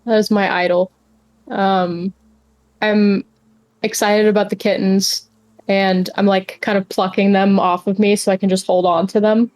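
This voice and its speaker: Hesitant woman player, flat tone. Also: medium pitch, measured pace. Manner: hesitant, with many fillers.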